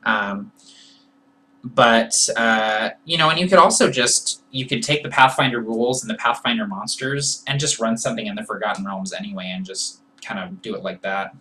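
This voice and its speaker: A man's voice: on the low side, normal speed, sharp tone, a little hiss or hum, rough recording. A man hosting a live Q&A, answering viewer questions in a loose, thinking-aloud way. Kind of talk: casual live Q&A.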